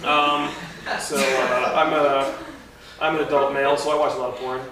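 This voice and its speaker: A young man doing a stand-up comedy set, rambling and self-deprecating, halting with many fillers. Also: medium pitch, flat delivery, crowd noise. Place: comedy club stage. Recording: echoey club recorded from far off with noise.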